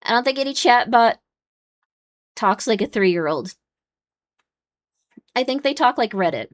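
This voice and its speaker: A woman's voice: on the high side, lively intonation, unhurried. A young woman hosting a live-stream watchalong, chatting casually with her viewers, rambling with lots of fillers and getting exasperated at times. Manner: rambling, many "like" and "um" fillers, gets loud and exasperated.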